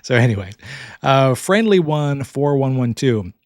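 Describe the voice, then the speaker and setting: A man's voice: medium pitch, big pitch swings, a little slow, no room sound, clean studio sound. A man from the American South hosting a podcast, answering listener questions in a casual, rambling way with frequent chuckles. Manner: rambling, chuckles often, self-deprecating asides.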